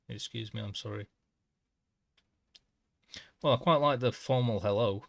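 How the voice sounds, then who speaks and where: A sounding man in a casual live stream, haltingly sounding out foreign words and laughing at his own attempts. His voice is mid-pitched and he talks in an unhurried, drawn-out way. The close mic sounds dry, with little room sound. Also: creaky, no room sound. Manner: tries out foreign phrases haltingly, chuckling at himself.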